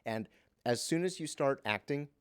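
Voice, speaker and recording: A man who works as a voice actor, answering interview questions in a relaxed, chatty way with lots of fillers and restarts, and telling lively anecdotes. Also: medium pitch, moderate pace, smooth.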